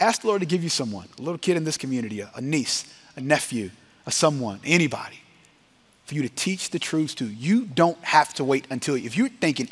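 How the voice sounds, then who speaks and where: A man preaching a sermon to a congregation in a chapel, energetic and quick to laugh at himself, stretching out the words of a solemn benediction. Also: mid-range voice, breathy edge. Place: chapel or hall with a live audience.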